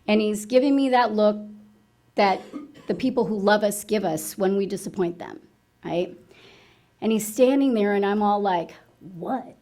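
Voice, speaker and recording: Frank woman telling her recovery story. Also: fairly high pitch. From United States. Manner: frank, self-mocking storytelling with rhetorical "right?" asides. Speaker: AA speaker sharing her story. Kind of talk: candid personal testimony.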